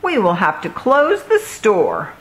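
A woman's voice: mid-range voice, huge pitch swings, slow. A woman doing a fussy shopkeeper. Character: fussy, bossy female shopkeeper.

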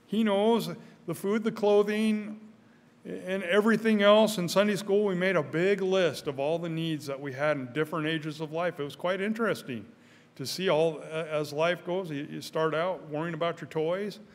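Older male preacher, high voice, earnest sermon, stutters on first words, long church reverb. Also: normal speed. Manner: earnest, repeats his words, rises in pitch and volume when stirred. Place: church sanctuary.

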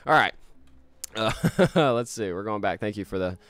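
A man's voice: fairly low pitch, moderate pace, fairly bright tone, no echo. A man live-streaming a game, chatting casually, laughing often and reading chat messages aloud.

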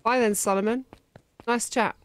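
A woman's voice: on the high side, steady tone, moderate pace. A woman commenting on a story game and reading its dialogue aloud in a playful way. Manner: playful, reads lines with light voices. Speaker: gameplay streamer. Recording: game music playing behind.

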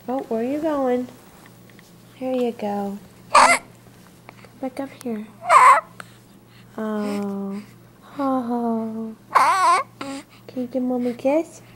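High slow mom voice, sing-song baby talk, home camcorder video. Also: female voice, heavy background noise. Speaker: mother. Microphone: handheld camcorder.

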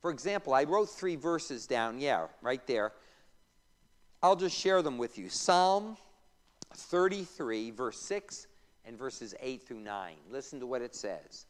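This pastor speaks slowly and expressively in a mid-range voice while teaching a Bible class in a church room. He reads passages aloud, quizzes his students and slips in jokes, all echoing through a reverberant hall.

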